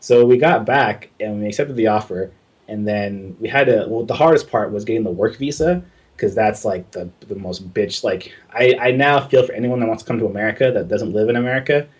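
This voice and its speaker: Husky, low-voiced young man telling a story. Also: fairly quick. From Southern California. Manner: casual, profane, acts out quoted dialogue in his telling. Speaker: guest concept artist. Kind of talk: casual storytelling interview.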